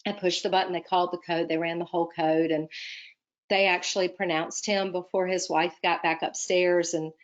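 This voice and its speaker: A medical school admissions advisor tells a personal story in an earnest, emphatic way, then gives application advice. Her voice is fairly low with little pitch movement and a normal pace. The sound is lo-fi.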